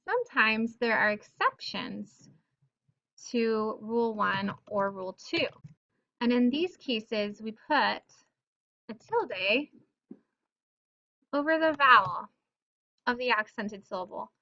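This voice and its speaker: A woman teaching Spanish pronunciation rules to her viewers, upbeat and sounding out example words slowly with emphasis. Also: fairly high pitch, sharp tone. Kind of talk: explaining pronunciation rules to camera.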